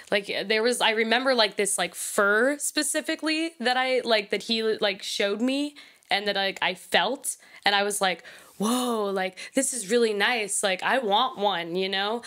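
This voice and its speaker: A woman's voice: mid-range voice, sharp tone, smooth. A woman co-host telling a ghost story in a casual chat over a video call, with lots of fillers, acting out the voices in her story. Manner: chatty, many fillers, acts out voices in the story. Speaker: podcast co-host.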